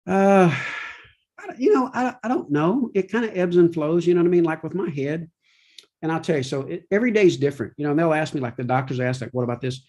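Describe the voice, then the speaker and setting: A man's voice: on the high side, quick pace, darkish tone. A middle-aged man speaking openly as a podcast guest, rambling and often asking "you know what I mean". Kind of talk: candid conversational interview.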